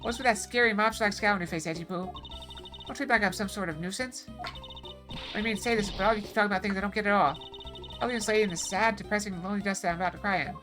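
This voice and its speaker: A woman's voice: medium pitch, rapid-fire, lightly acted. A woman voicing a chatty, fawning elderly woman security guard in a video game playthrough, rambling and doting. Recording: music playing underneath.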